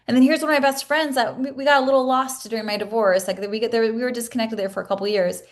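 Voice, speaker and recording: In her thirties, a woman coach leading a masterclass shares a personal story with her class, speaking fast with few pauses in a high voice with fairly even intonation. She is earnest and emotional, restarting often, and at times sounds tearful.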